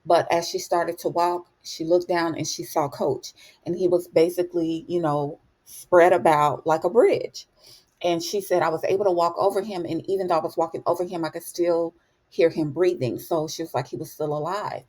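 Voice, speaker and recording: Here a female TV recap host talks at a normal speed in a lowish, slightly mellow voice with a steady tone. She narrates the episode like a chatty story, leaning on fillers, asides, "you know," and "honey."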